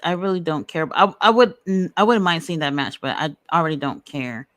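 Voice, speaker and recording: Smooth-voiced woman host, dry close sound. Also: low-pitched, a little fast, no room sound. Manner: animated, blunt, swears freely. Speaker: podcast host. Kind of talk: casual wrestling chat.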